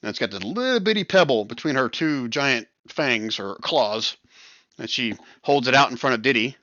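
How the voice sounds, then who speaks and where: Easygoing male game master, bright tone, muffled dry mic. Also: medium pitch, expressive, normal speed, no room sound. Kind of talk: narrating a tabletop game.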